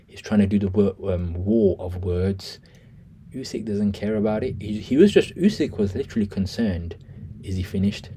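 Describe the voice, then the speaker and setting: A man from England with a Birmingham accent casually breaks down a boxing press conference for his video viewers, repeatedly calling them "guys". His voice sits low and mellow with a breathy edge.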